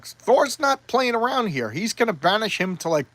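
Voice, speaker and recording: Excitable rambling man, dry sound. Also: high-pitched, moderate pace, hardly any pauses, no room sound. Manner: enthusiastic, rambling with restarts. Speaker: comic book reviewer. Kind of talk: casual chat.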